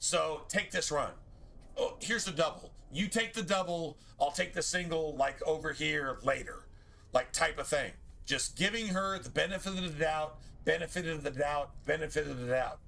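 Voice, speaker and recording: A man's voice: fairly high pitch, moderate pace, vocal fry, bright, forceful tone, slight background noise. A man streaming a game, ranting profanely to his chat in a loose, rambling way. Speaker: gaming streamer. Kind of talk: casual rant to stream chat.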